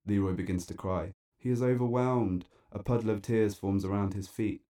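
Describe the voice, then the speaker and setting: A man narrating a dark, absurd spoken-word story in a deadpan, wry and theatrical way. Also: on the low side, moderate pace, slight background noise.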